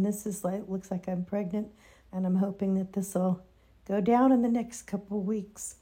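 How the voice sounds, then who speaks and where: Mellow-voiced woman chatting to camera. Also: moderate pace. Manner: chatty, gushing when excited, soft and low when tired. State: recovering from surgery. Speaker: vlogger. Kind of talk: casual chat to camera. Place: home schoolroom, indoors.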